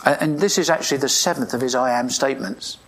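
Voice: medium pitch, quick pace, a bit bright, husky. A preacher delivering a morning sermon, reading scripture aloud and asking the congregation questions in a reflective way.

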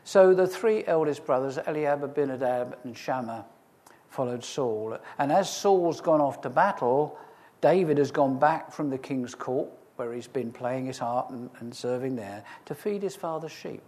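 A man preaching a sermon, reading scripture and retelling it in a lively, humorous storytelling way with asides to the listeners. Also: mid-range voice, a little slow.

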